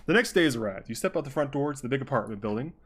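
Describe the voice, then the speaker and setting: Male streamer narrating a story live, mid pitch, wry and self-mocking. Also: animated, racing, fairly bright tone, husky. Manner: self-mocking, laughs at his own voices. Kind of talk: reading an interactive story aloud on a livestream.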